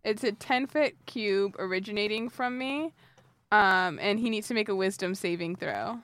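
A woman playing a tabletop game, eager and quick, explaining the rules. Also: medium pitch, fairly bright tone, smooth, dry recording. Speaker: player. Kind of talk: tabletop role-play.

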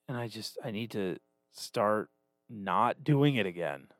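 A man's voice: on the low side, expressive, unhurried, fairly bright tone, dry recording, clean studio sound. A man in his thirties, a podcast co-host talking casually, self-deprecating and swearing a lot. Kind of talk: casual chat.

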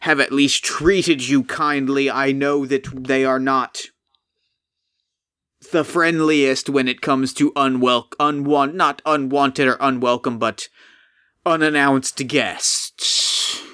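A man voicing a huge, weary flesh golem scientist who speaks slowly, formally and apologetically with frequent sighs. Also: mid-range voice, steady tone, bright, forceful tone, smooth, no room sound, studio quality. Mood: weary, polite. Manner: slow, sighing, formal and apologetic.

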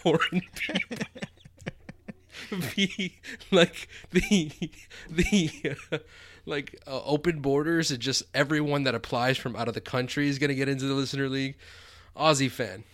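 A man's voice: medium pitch, moderate pace, fairly bright tone, no echo. A man co-hosting a fantasy football podcast in casual chat, teasing and laughing often. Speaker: podcast co-host.

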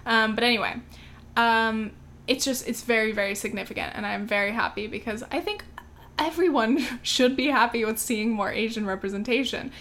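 Talking about movies she has watched, an American vlogger keeps things chatty, leaning on "um" and "like" and getting heated every so often. Her voice is a little high and fairly bright, at normal speed.

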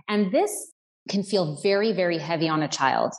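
A woman with a middle-pitched voice explains ideas as a podcast guest. She lays out her points steadily, now and then voicing a parent's words. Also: expressive, unhurried, low-quality recording. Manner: explanatory, acts out parents' phrases. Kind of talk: casual podcast conversation.

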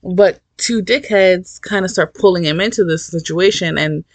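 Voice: medium pitch, normal speed, no echo. A person casually recapping a novel in a rambling, profane, candid way with lots of fillers. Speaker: book reviewer. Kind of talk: casual book recap vlog.

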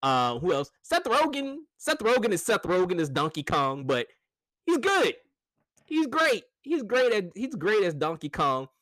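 A man casually reviewing a movie, animated and chatty, laughing often and restarting his sentences. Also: high voice, a little slow, no echo.

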